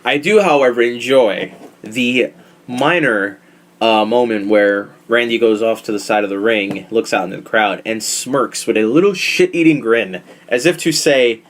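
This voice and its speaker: A man hosting a casual podcast, talking in a profane, animated, opinionated way. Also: mid-range voice, moderate pace. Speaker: podcast host. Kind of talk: casual wrestling podcast chat.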